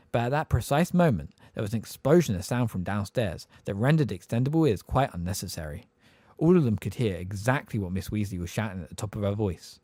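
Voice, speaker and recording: A man narrating an audiobook with an expressive, varied reading. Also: lowish voice, a little fast, dry recording, clean studio sound.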